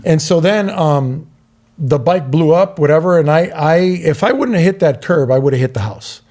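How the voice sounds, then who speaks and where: Speaking at a moderate pace in a voice that sits on the high side, the middle-aged SoCal podcast co-host casually spins a long tale. He's animated throughout, acting out the voices of the story's characters.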